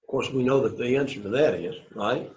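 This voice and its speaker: A man's voice: mid-range voice, a little fast. A man teaching an introductory Greek class in a classroom, repeating phrases and often checking in with "right?" and "okay?". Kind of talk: classroom lecture. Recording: roomy classroom, dull lo-fi sound.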